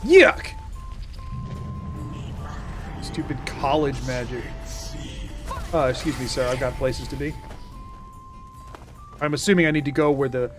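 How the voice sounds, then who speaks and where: A man with a fairly high, bouncy voice keeps up casual gameplay commentary. He jokes and talks straight to his chat. His pitch swings a lot as he reacts. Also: lively intonation, a little fast, soft background music. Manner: playful, jokey, talks to chat. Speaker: streamer.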